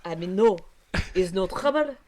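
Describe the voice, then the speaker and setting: A woman's voice: medium pitch, lively intonation, moderate pace, darkish tone, lightly acted. A woman voicing a flustered French noblewoman with a put-on French accent while reading game dialogue aloud, stumbling over her words.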